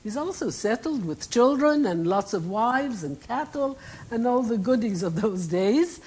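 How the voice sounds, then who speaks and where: A woman giving a keynote talk, retelling an old story with vivid, expressive asides. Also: fairly high pitch, a little slow, breathy edge, poor audio. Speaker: keynote speaker. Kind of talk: dramatic storytelling lecture.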